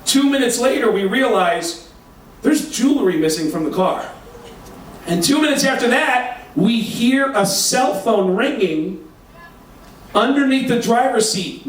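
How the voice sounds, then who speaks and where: A male stand-up comedian telling a raunchy story on stage, animated and swearing, acting out the voices he quotes. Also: sits high, recorded from a distance, slight background noise. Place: comedy stage before a live audience. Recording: echoey live room, mic heard from afar. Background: audience laughter.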